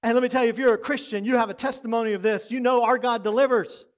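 Мужчина средних лет, пастор, читает проповедь искренне, временами переходит на тихий, доверительный тон. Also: male voice, extremely high pitch, fairly even intonation, fast. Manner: earnest, preacherly, drops to soft intimate tones for emphasis. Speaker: pastor. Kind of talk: sermon.

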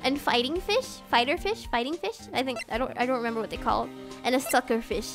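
Young female streamer, bubbly and giggly, high bright voice, faint game music. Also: animated, a little fast. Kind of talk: casual live-stream chat while gaming.

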